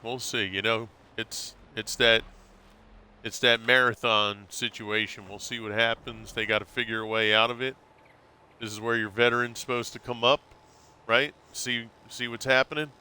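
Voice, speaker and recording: A man's voice: mid-range voice, level tone, normal speed, pushed and bright, clean tone. A man streaming live, chatting casually and rambling, calling his viewers bro. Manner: laid-back, rambling, calls viewers bro.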